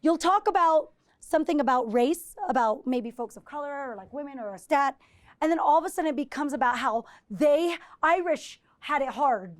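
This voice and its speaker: Woman professor, high voice, live lecture with audience questions, chatty and animated, keeps asking "right?". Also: moderate pace. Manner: conversational, often checks in with 'right?'; animated, acts out quoted exchanges. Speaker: visiting professor giving a presentation.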